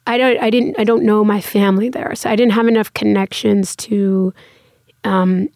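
A woman in her thirties chats as a guest, looping through "like" and small restarts as she tells her story. Her voice sits at a middling pitch, recorded close and dry with no room sound. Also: steady tone, normal speed, darkish tone, dry recording. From United States. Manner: chatty, many fillers and restarts. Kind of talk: casual interview conversation.

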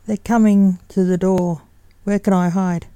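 A woman's voice: mid-range voice, steady tone, a little slow, warm tone, clear, resonant tone, dry recording, close to an everyday voice. A woman reading the lines of a nervous, distracted older alien man.

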